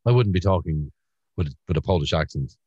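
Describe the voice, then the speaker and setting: A man with a Cork Irish accent hosts a podcast, chatting casually and telling stories while laughing along. His voice is low, a little mellow and slightly rough, with lively intonation and a slightly fast pace, in a dry, dull recording.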